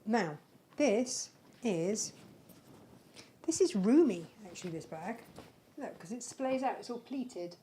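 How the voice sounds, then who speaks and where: She speaks slowly and expressively in a mid-range, dark-toned voice, leaving long pauses, with slight background noise present. Hosting a crafting live stream, she rambles in a chatty, fond way about the handmade bags she's selling.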